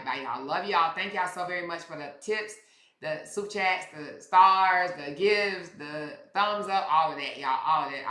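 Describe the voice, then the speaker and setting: A woman with a fairly low, sharp-edged voice hosts a casual livestream, speaking bluntly and swearing freely as she talks straight to her viewers. Her audio has an echoey room sound.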